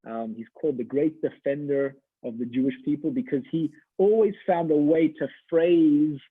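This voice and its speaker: A rabbi telling a story in a chatty, animated sermon over a video call. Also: male voice, a little high, moderate pace, slightly rough, no echo. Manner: animated, chatty, many restarts. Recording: dry tinny phone-like line.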